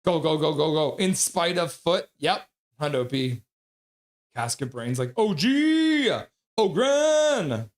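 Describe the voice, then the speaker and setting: A fan-run hockey stream host, a man with a fairly high voice who takes his time between lines. He calls the play-by-play live and reads chat messages aloud, and he breaks into excited chants and yells. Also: unhurried.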